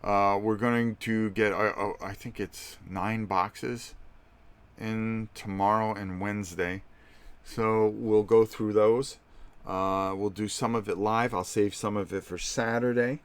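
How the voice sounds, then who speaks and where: A man's voice: fairly low pitch, steady tone, slow pace, clean tone. A middle-aged man hosting a live stream, chatting casually and speaking directly to his viewers.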